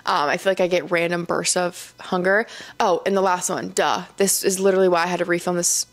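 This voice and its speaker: Tired, chatty young woman with vocal fry. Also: lowish voice, fairly even intonation, brisk. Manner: chatty, filler-heavy, laughs often. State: tired, yawning. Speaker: podcast host. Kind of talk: casual solo podcast chat. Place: seated indoors.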